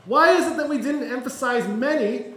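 A man with a high voice preaches a sermon, chatty and self-deprecating, joking as he goes. The sound is echoey, as if from a church sanctuary. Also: normal speed, a bit bright. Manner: conversational and self-deprecating, with humor. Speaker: pastor.

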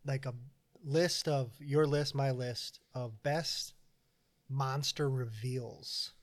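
A man's voice: mid-range voice, takes it slowly. A young man co-hosting a casual podcast, telling stories with lots of laughter and acted-out quotes. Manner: animated storyteller, laughs often, acts out movie lines. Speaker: podcast co-host. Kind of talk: casual chat.

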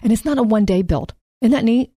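A woman's voice: fairly high pitch, animated, mellow, no room sound, studio quality. Chatty woman leading a Bible study. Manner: chatty, laughs easily, reads scripture slowly. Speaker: podcast co-host. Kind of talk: casual Bible study chat.

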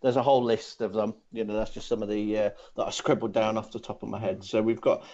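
Brief: man, convention organizer, rambling chatty delivery, lowish voice, dull lo-fi recording. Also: level tone, fast, mellow. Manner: rambling, full of fillers and restarts. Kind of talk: casual podcast chat. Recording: dull lo-fi sound.

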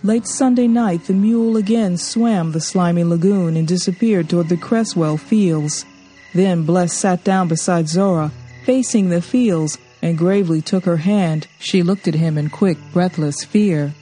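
A woman narrating a novel in a measured, expressive audiobook reading. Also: on the low side, soft background music.

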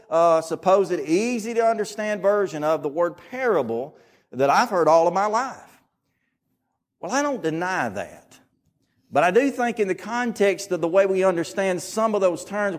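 High-voiced earnest Southern preacher. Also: male voice. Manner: earnest, emphatic, repeats key phrases. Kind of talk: sermon.

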